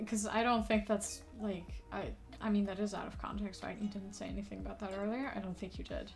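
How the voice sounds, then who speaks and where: A woman's voice: medium pitch, steady tone, a little fast, gravelly, hardly any pauses, soft background music. A woman who is not a native English speaker, chatting casually and rambling as a streamer while playing a puzzle game, with lots of fillers, casual swearing and laughter.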